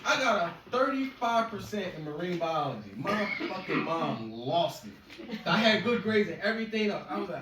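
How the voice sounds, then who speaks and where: A man's voice: sits high, sing-song, normal speed, fairly bright tone. Profane, rambling man telling stories. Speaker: stand-up comedian. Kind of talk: casual storytelling stand-up. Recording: echoey room, far mic, noisy.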